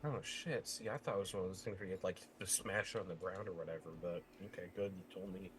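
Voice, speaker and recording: A man playing a tabletop game, excitable and quick to laugh, jumping from quiet asides to loud outbursts. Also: deep voice, slight background noise. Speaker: player.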